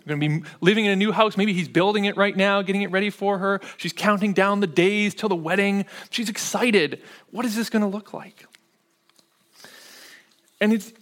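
A man's voice: high voice, fairly bright tone. A man preaching a sermon as pastor, talking in a conversational way and often checking in with his listeners. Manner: conversational preaching, frequent "right?" check-ins.

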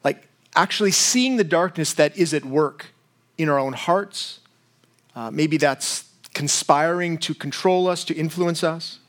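A middle-aged male pastor gives a sermon, talking to his listeners as if in conversation. His voice sits a little high for a man. He throws in quick shifts of voice when he acts out a story. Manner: conversational, retells a comedy sketch with quick voice shifts.

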